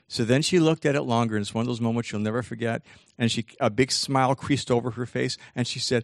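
Creaky-voiced man lecturing. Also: mid-range voice, fast talker, no room sound, clean studio sound. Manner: animated, repetitive, addresses the audience. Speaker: teacher giving a talk on feelings. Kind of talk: lecture with storytelling. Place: live talk with an audience.

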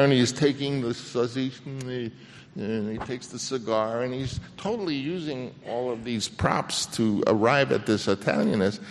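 An older man, a film director, telling an anecdote on stage in a halting way with many restarts, acting out the voices he quotes. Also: mid-range voice, a little hiss or hum. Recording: long reverb of a hall.

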